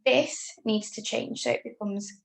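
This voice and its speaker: A woman's voice: fairly high pitch, fairly even intonation, creaky, reverberant, low-quality recording. A woman teacher with an English accent, giving a remote spelling lesson to young pupils in an upbeat, patient way. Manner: upbeat, talks slowly through spelling rules. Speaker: primary school teacher.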